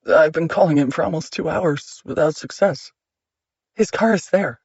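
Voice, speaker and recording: A male narrator plays an earnest, worried colleague who presses urgently for answers. His husky voice sits in a dry, muffled recording. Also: on the high side, moderate pace, a little mellow, no room sound.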